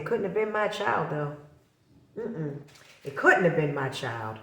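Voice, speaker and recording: A middle-aged woman speaks to her viewers in a gravelly voice, impassioned and accusing, circling back to her points again and again. The sound rings around an echoey room. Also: medium pitch, expressive, normal speed, a bit bright. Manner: impassioned, accusatory, repeats herself. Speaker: vlogger. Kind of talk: emotional direct-to-camera talk.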